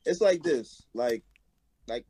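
A man who is a rapper, talking earnestly in a casual interview, with many halting restarts and some swearing. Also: mid-range voice, lively intonation, dark tone, husky. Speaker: rapper and guest.

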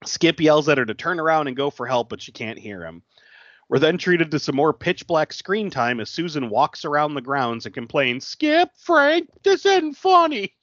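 Podcast co-host, casual movie recap, bouncy pitch, acts out lines, dry dull sound. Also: normal speed, dry recording. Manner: animated, laughing, acts out characters' lines.

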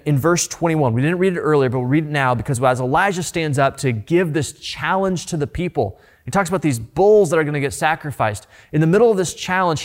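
A man preaching a sermon in an animated, informal way, asking the listeners rhetorical questions. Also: a little high. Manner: conversational, informal. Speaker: pastor.

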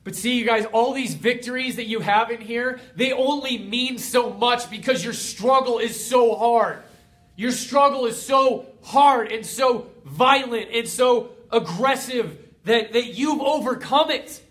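Motivational host, young man, high bright voice, fervent and emotional, repeats his lines for emphasis. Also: a little slow. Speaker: motivational host of a fitness community. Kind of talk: motivational pep talk.

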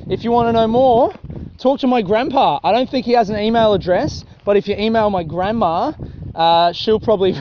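A young Australian man chatting casually while walking along a grassy rural track, swearing often and laughing at his own jokes. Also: high voice. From South Australia. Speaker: vlogger. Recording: dull lo-fi audio with faint noise.

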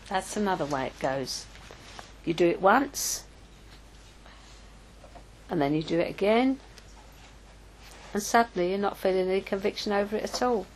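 A woman's voice: mid-range voice, low-quality recording. An older woman giving an informal, anecdotal teaching talk as a preacher, chatty and prone to self-corrections.

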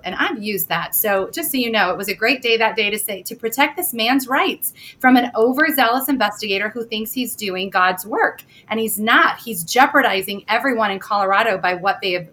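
Woman, guest, emphatic, bright voice, talk show chat. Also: medium pitch. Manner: emphatic, gets loud when retelling confrontations. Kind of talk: casual chat.

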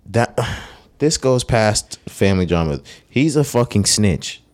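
A man's voice: lowish voice, expressive, a little slow, a little mellow. Man, podcast co-host, casual chat, profane, joking.

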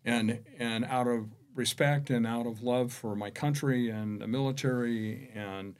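A man, a real estate executive, telling anecdotes as a podcast guest, shifting between hushed and emphatic delivery. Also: medium pitch, steady tone, measured pace. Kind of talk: conversational storytelling.

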